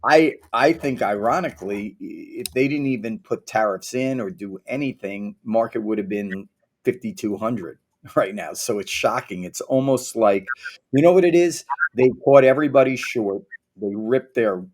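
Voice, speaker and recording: A man with a low voice chats casually about trades on a markets show. He talks candidly and rambles, leaning on fillers and teasing his co-host. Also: normal speed.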